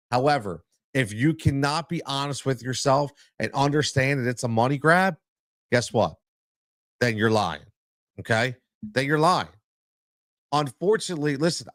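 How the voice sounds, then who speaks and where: Brief: male podcast host, coach, emphatic and repetitive, middle pitch, dead-dry close mic. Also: fairly bright tone, dry recording. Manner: emphatic, repeats points for stress. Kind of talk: solo podcast commentary.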